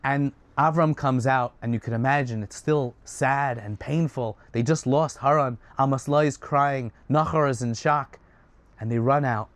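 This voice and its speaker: Lively male storyteller. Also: medium pitch, moderate pace, dry recording. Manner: lively, with restarts and many voices. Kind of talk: animated storytelling.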